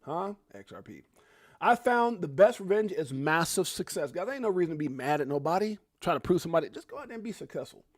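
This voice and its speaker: A middle-aged man hosting a crypto livestream, excitable and hyped, jumping between loud outbursts and muttered asides. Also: fairly high pitch, quick pace, dry recording, clean studio sound. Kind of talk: animated casual livestream commentary.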